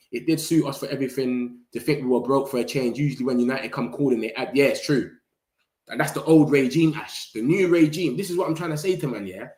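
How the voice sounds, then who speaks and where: A young host's medium-pitched voice, with a roomy sound, drives a loose live chat about football transfers. He laughs often and keeps the banter animated and full of slang.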